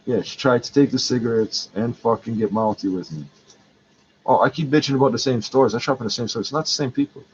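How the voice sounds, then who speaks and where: A man's voice: mid-range voice, quick pace, highs cut off, slight background noise. A man in pain, ranting in a rambling, heated and profane way. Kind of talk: angry rambling rant.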